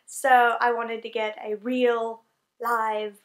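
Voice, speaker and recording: A woman's voice: a little high, flat delivery, takes it slowly. Chatty young woman with a Southern accent. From North Carolina, USA. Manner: chatty and rambling, many fillers and self-corrections. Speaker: English teacher on exchange program. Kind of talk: casual vlog talk.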